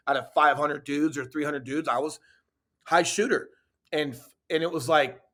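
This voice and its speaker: A man's voice: a little high, fairly bright tone. Earnest man telling his story. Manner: earnest, lots of "you know" and "right?". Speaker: podcast guest, real estate team leader. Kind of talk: casual interview storytelling.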